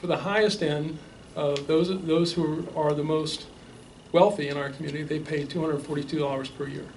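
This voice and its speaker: A man speaking at a public debate, laying out figures in a measured way with frequent restarts. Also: on the high side, level tone. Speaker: debate panelist. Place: realty office meeting room. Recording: distant mic with faint noise.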